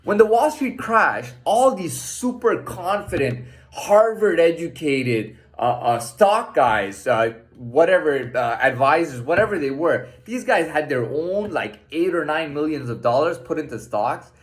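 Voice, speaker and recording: A man's voice: a little high, animated, measured pace, few pauses. A man speaking in a casual monologue, blunt and profane, lecturing the listener and stumbling through restarts. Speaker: storyteller.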